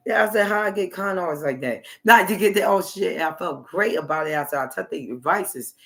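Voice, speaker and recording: A man's voice: fairly high pitch, fairly bright tone. A man hosting a live video stream, talking in a rambling, repetitive way and often trailing off mid-sentence. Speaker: livestream host. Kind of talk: rambling livestream monologue.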